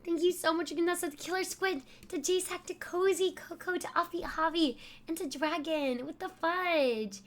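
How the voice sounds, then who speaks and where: Excitable high-voiced woman streamer. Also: moderate pace, few pauses. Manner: excitable, exclaiming, laughing often. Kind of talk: live-stream chat, thanking viewers.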